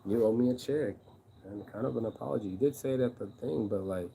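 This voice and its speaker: A man with a low, mellow voice vents in a loose, aggrieved monologue for his vlog. He swears often, repeats himself and restarts his sentences. The tone stays dark and unpolished throughout. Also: fast, gravelly, a little hiss or hum, poor audio. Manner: profane, rambling, aggrieved. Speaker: vlogger and shirt designer. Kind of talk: casual venting monologue.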